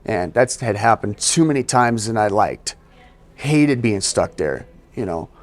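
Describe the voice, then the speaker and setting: A man with a somewhat low voice tells his story as an interview guest. His talk is loose and conversational, full of "you know", and he acts out what people said to him. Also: expressive, unhurried. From US East Coast. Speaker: podcast guest.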